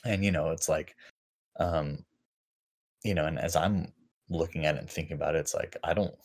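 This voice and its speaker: A young man talking casually as a podcast co-host, reflective and halting, full of fillers and restarts. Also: a bass voice.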